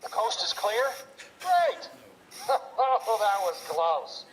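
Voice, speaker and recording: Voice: mid-range voice, sing-song, takes it slowly. An actor voicing a friendly, folksy male cowboy toy doll, with a tinny, drawling voice played through a toy speaker. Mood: playful. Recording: noisy little toy speaker.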